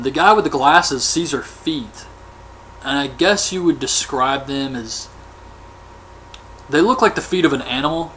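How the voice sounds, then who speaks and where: A man's voice: a little high, pushed and bright, a little hiss or hum. Casual, chatty male movie reviewer. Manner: chatty, offhand, colloquial. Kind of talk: casual film recap.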